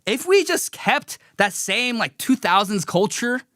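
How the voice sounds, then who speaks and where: A man hosting a live commentary show, talking in an animated, sarcastic way. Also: very high-pitched, unhurried, dry recording, studio quality. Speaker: show host.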